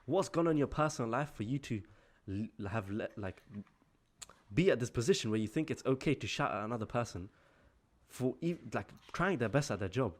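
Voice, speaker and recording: A man's voice: medium pitch, expressive, a little fast. A man of twenty-two, telling a casual story-time vlog in a chatty, exasperated way, full of "like" fillers. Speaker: vlogger.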